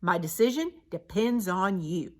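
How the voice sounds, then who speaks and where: A woman voicing an anxious man school superintendent in a storybook, urgent and high. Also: lively intonation, unhurried.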